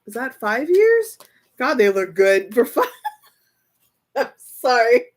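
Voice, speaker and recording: Casting: young woman tarot reader, unhurried delivery, giggly and excitable, casual stream chat. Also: on the high side. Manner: giggly, excitable, laughs often between phrases. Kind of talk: casual livestream tarot reading.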